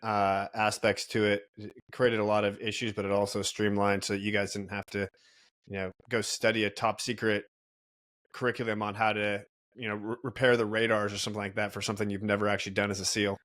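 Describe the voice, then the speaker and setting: A man hosting a podcast, answering in a relaxed, measured and reflective way. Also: fairly low pitch. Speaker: podcast host. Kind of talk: casual conversation.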